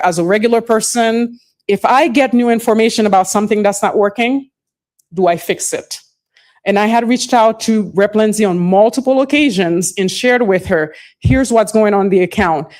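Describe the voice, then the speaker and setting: A woman's voice: mid-range voice, a little mellow. A middle-aged woman giving formal testimony as a witness, speaking carefully and often stopping to search for words. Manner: hesitant, searching for words, restarts phrases.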